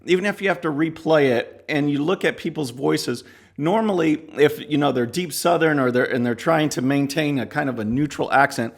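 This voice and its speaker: A man hosting a political commentary show, talking casually with scornful asides. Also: a little high. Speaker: podcast host.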